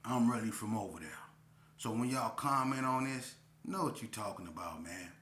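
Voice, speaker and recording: A man's voice: fairly low pitch, moderate pace. A man in his forties from Las Vegas, telling old neighborhood stories in a casual, slangy way and acting out the scenes. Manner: animated, acts out scenes, slangy and repetitive. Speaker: storyteller. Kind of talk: casual street storytelling. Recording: roomy echo.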